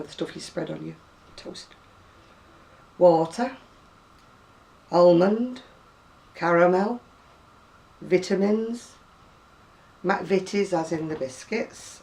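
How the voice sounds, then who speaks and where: Her voice sits low, creaky and a little mellow: a chatty Lancashire woman in her sixties and home video blogger. She reads a word list aloud in a video reply, rambling with asides and self-corrections, her Oldham-area accent softened by years near Manchester. She's a little distant from the mic.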